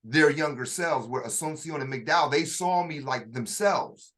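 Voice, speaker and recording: Brief: fairly high-pitched man, conversational storyteller, lots of restarts and acted-out quotes. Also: normal speed, fairly bright tone. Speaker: author telling his story.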